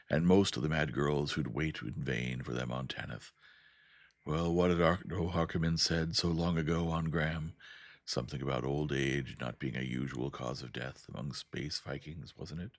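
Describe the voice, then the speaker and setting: A man narrating a science fiction audiobook in a calm, steady way. His voice sits very low with a gravelly rasp. The sound is close and completely dry. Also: no echo.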